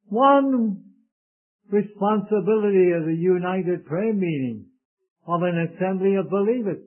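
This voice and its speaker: A man preaching a sermon in an earnest, solemn way, speaking to his listeners as beloved. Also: high voice. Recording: tinny lo-fi phone-like recording.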